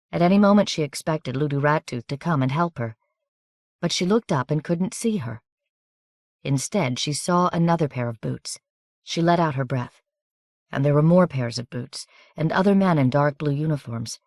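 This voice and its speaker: A woman narrating an audiobook in an even, measured, scripted reading on a close studio microphone. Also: sits low, no echo.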